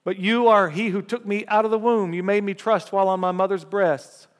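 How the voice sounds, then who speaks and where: A man preaching a sermon, reading scripture aloud with rising emphasis and lively call-and-response asides to the congregation. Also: sits high, fairly quick. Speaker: pastor. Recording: long hall reverb.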